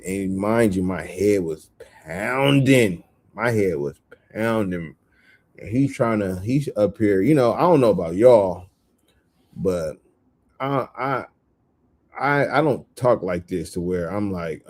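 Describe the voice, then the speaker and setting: Husky-voiced man telling a story. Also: on the low side. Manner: animated, laughs often, repeats phrases. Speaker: vlogger. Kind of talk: casual storytelling.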